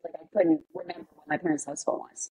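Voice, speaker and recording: A woman's voice: deep voice, fast, slightly rough, rough recording. A woman in her thirties, a podcast guest telling her story candidly, swearing freely and acting out what other people said. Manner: swears freely, animated, acts out quoted people.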